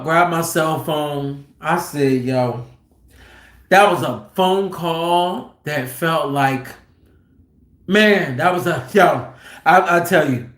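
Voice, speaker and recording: A man who drives trucks, telling stories casually and with profanity, acting out what people said. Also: high-pitched. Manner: animated, profane, acts out quotes loudly. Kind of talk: casual storytelling. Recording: roomy echo.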